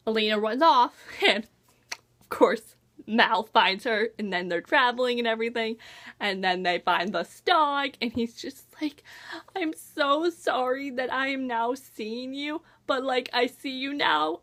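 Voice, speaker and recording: A young woman chatting excitedly in a casual book review, gushing and gasping as she talks. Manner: gushing, excitable, gasps and quick pitch jumps. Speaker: book vlogger.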